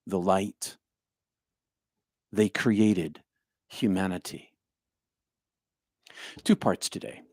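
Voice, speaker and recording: An older man with a very low voice gives a spiritual talk and guides a meditation. He speaks slowly, leans hard on key words and drops into soft, hushed phrases, and the sound is close and dry on a home streaming mic. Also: no echo. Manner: slow, deliberate, emphatic, with soft hushed stretches. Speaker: spiritual teacher leading meditation. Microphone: home streaming microphone.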